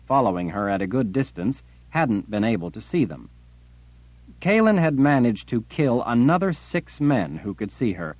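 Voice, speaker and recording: A man reading an audiobook in a steady, measured way. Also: fairly low pitch, husky, no room sound, dull audio. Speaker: audiobook narrator. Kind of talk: audiobook narration.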